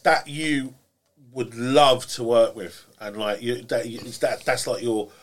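A man interviewing a guest in casual chat, asking friendly, halting questions. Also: medium pitch, fairly even intonation.

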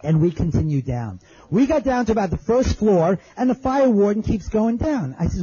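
A man's voice: high-pitched, very animated, normal speed, mellow, breathy edge, lo-fi sound. A man telling an audience his survival story in plain, earnest words, repeating phrases as he remembers. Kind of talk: spoken testimony to an audience.

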